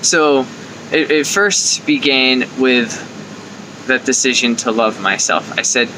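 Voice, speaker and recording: Speaking slowly in a mid-range voice, a young life coach talks casually to the camera in his own advice video. He dramatizes his inner thoughts through animated quoted asides. The audio is poor, with a little hiss or hum.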